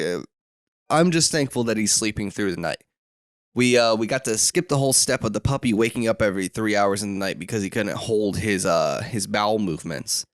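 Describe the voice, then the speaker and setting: A young man hosting a solo podcast from a room at home, rambling with lots of fillers and restarts, his throat rough and catching. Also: fairly low pitch, dry recording, clean studio sound. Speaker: podcast host.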